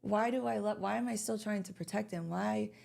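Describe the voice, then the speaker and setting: A woman's voice: medium pitch, fairly quick, creaky, a little mellow. A young woman guest on a podcast, speaking candidly about her past, full of fillers and restarts. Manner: candid, many fillers and restarts, emotional personal story. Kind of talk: casual podcast conversation.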